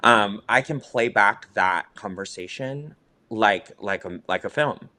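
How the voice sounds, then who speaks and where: A man's voice: fairly low pitch, animated, measured pace, sharp tone. A young adult man, a drag musician, speaking earnestly and reflectively about his life in an interview, at times openly emotional. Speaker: documentary subject, drag musician. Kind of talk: interview conversation.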